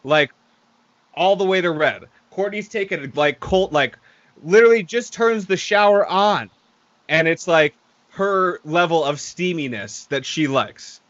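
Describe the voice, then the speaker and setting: A man's voice: fairly high pitch, a little slow, highs cut off. A man telling a long story on a podcast in casual, profane chat, acting out what others said. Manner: animated, profane, acts out quotes. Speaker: podcast co-host.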